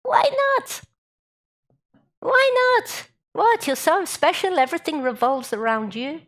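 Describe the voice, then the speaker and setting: A woman's voice: sits high, very animated, slow pace, a bit bright, voice pushed up, exaggerated voice. Woman doing a scolding God with a Yiddish accent. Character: exasperated old Jewish God, scolding.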